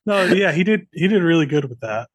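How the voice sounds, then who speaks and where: A man's voice: a little high, expressive, a little fast, no room sound. A man who is a voice actor, a guest in casual podcast chat, easygoing and chuckling as he talks. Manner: easygoing, chuckles while talking.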